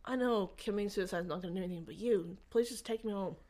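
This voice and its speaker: A woman in an interview, telling a personal faith story in a rambling, halting way with frequent restarts. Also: mid-range voice, a little mellow. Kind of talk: conversational testimony.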